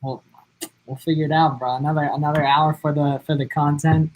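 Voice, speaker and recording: A man's voice: a little high, little pitch movement, brisk, darkish tone, poor audio. A man co-hosting a casual livestream, answering viewer questions with lots of "like" and "um" fillers. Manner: rambling, heavy use of "like" and "um" fillers.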